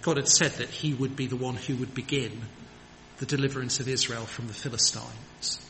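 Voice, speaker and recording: A man's voice: mid-range voice, fairly even intonation, moderate pace, fairly bright tone. A man preaching a sermon in an earnest, emphatic manner, with rhetorical questions. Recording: long hall reverb, faint background noise.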